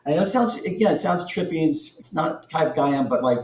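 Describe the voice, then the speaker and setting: Brief: middle-aged male podcast guest, storyteller, excitable rises, roomy distant recording. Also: a little high, fast talker. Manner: animated, voice jumps up in excited bursts. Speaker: podcast guest, company founder. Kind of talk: storytelling in an interview. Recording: echoey room, distant from the mic.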